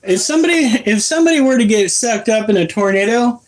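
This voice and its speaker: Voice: mid-range voice, animated, fast. A pet owner vlogging casually at home, chatting and cooing affectionately at the animals. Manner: chatty, coos affectionately at pets. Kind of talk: casual chat. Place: home with pets.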